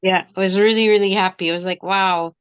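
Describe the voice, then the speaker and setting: A middle-aged woman on a video call, casually telling a personal story with animated quoted dialogue. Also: mid-range voice, fairly quick, smooth, no room sound, muffled recording. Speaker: workshop participant.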